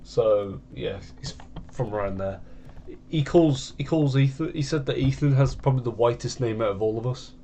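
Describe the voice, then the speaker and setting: Guy, mid-pitched voice, rambling casual game commentary. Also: normal speed, dark tone, a little hiss or hum. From United Kingdom. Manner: rambling, meandering chat. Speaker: gaming channel host.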